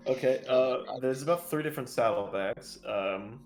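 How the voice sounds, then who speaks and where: A man's voice: mid-range voice, normal speed, a little mellow, soft background music. A man running a tabletop game as dungeon master, narrating the scene and often breaking into laughs. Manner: laughing often, stalls with "hold on".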